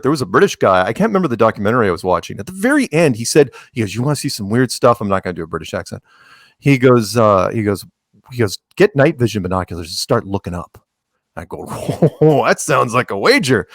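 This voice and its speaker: A man guest on a podcast, talking casually in an animated, joking way, with quick asides and frequent restarts. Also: medium pitch, no echo, studio quality.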